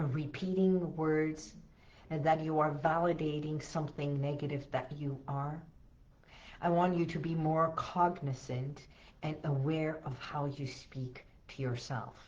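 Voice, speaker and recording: Slow, low-voiced woman coaching calm. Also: dull audio. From Los Angeles area, USA. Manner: slow, soothing, coaching with emphatic repetitions. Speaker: podcast host. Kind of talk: solo wellness talk, guiding techniques.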